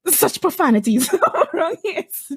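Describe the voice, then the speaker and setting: Laughing, lively-voiced woman podcast co-host. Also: extremely high pitch, normal speed, dry recording, studio quality. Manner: laughs often, playful mimicking of slang. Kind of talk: casual chat.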